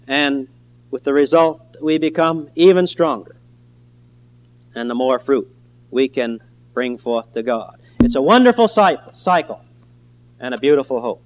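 A man preaching a sermon in an earnest, emphatic way, slowing down on key phrases. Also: on the high side, lively intonation, highs cut off.

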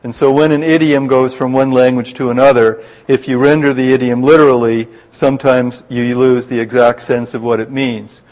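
A man leading a Bible study class, explaining scripture in a measured way and slowing down to spell out terms and quotes. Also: medium pitch, darkish tone, rough recording.

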